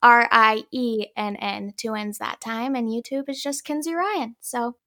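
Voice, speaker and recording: A woman's voice: on the high side, steady tone, moderate pace, sharp tone. A young woman, a guest actress, chatting earnestly and thoughtfully on a podcast and laughing easily. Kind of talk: casual podcast chat.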